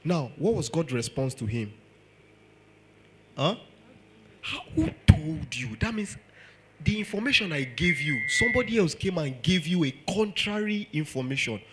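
A man's voice: fairly high pitch, big pitch swings, moderate pace, noisy background. A man with a Nigerian accent preaching a sermon, firing off rhetorical questions and acting out quotes.

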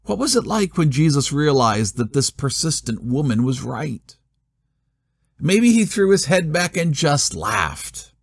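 A man preaching a sermon, expressive, with rhetorical questions and dramatic pauses. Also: a little high, creaky, slightly rough, dry recording, clean studio sound. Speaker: pastor.

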